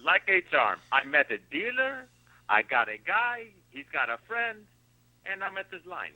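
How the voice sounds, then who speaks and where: A man's voice: high-pitched, very animated, measured pace, lo-fi sound. A man playing a rambling drug-addicted guy who owes his ex-wife alimony, repeating himself and slipping into an Italian-style accent in a comedy radio bit.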